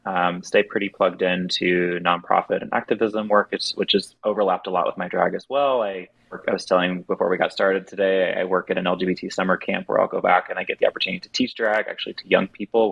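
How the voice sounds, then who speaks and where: Deep gravelly man with a light Southern accent. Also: dry recording, dull audio. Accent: light Southern American. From southern United States. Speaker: podcast guest, drag performer. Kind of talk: casual podcast chat.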